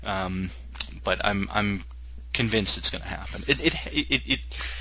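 A man co-hosting a podcast in casual chat, excitable and joking loudly, with many stammered restarts. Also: fairly low pitch, unhurried, slightly rough. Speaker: podcast co-host. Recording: dull lo-fi podcast audio.

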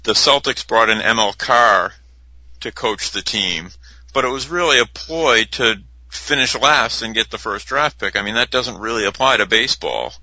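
A man's voice: fairly low pitch, animated, normal speed, sharp tone, no echo, rough recording. A man co-hosting a casual sports podcast, joking dryly and explaining his points. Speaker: podcast co-host.

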